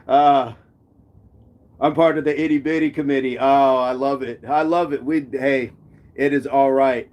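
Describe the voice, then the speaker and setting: A man's voice: on the high side, darkish tone. A man from the United States hosting a live stream chat, playful, laughing often and repeating his phrases as he reads comments.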